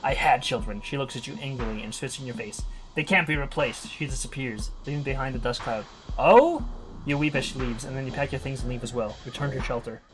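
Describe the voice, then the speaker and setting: A man's voice: medium pitch, fairly even intonation, quick pace, few pauses, music in the background. A man streaming, reading a text adventure aloud and reacting live, laughing often and swearing in surprise.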